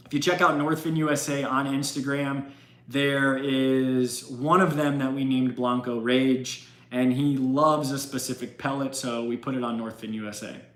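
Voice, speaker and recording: A man's voice: medium pitch, reverberant. A man hosting an aquarium channel in casual livestream chat, emphatic and chatty with frequent restarts.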